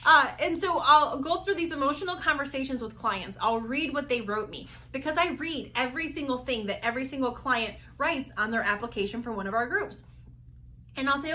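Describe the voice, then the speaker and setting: A woman's voice: high-pitched, expressive, a little fast, pushed and bright. A woman weight loss coach talking energetically and candidly in a motivational vlog, with lots of "like" and restarts.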